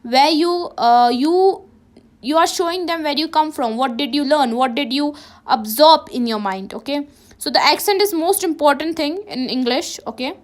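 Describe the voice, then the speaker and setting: A woman's voice: sits high, moderate pace. A woman teacher with a Ladakhi accent, giving a classroom lesson and checking in with "okay?" after nearly every sentence, often restarting and correcting herself. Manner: many restarts and self-corrections.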